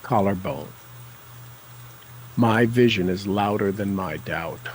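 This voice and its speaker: A man leading a guided tapping session, calling out tapping points and repeating affirmations with slow, deliberate coaching cues. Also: lowish voice, a little hiss or hum, rough recording.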